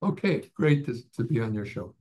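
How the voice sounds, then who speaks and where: A man's voice: medium pitch, big pitch swings, a little fast, darkish tone. An older man, a podcast guest and author, genially telling a humorous story in casual chat.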